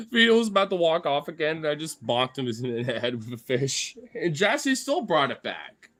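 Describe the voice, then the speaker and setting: A man's voice: on the high side, sing-song, unhurried, fairly bright tone. A man live-streaming casually, laughing, swearing and cheering on his dogs as they play. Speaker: livestreamer.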